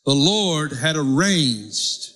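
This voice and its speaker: Man preaching a sermon, high voice, bright tone, calls for responses from the congregation. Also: animated, very slow. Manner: preaching with audience call-and-response. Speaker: pastor.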